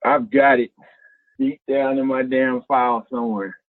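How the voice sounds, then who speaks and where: A lively man from Ohio spins his stories in loose, slangy talk and jumps high and low as he acts out what others said. His voice is tinny and narrow, like a phone call. The sound is dry and close, with no room around it. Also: moderate pace, no room sound. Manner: animated, colloquial, acts out quotes with big pitch jumps. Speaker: guest, former basketball player. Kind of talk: casual storytelling.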